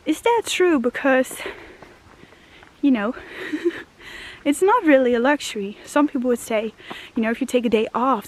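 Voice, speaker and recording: A woman walking through a forest, a little out of breath, talking in an earnest, musing way about self-love with many "you know" fillers and frequent laughs. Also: on the high side. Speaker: vlogger. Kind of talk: walk-and-talk spiritual vlog. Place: forest path outdoors.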